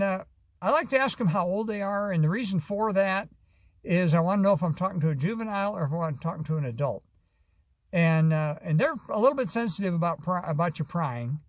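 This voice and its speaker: A man's voice: sits high, no echo. A man from Arizona, telling a long, rambling story with many fillers and restarts in a casual vlog. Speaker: vlogger.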